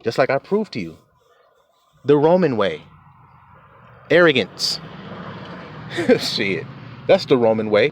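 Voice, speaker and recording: A man's voice: mid-range voice, slight background noise. A man preaching in a casual, emphatic way, cursing freely and chuckling often. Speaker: religious teacher. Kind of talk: informal preaching rant.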